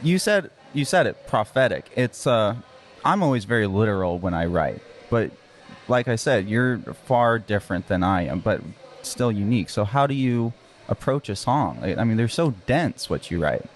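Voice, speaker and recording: A man's voice: lowish voice, animated, normal speed. A man hosting a local podcast, chatting casually with his guest and making jokes. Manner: friendly, joking, many fillers. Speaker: podcast host. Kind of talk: casual interview chat.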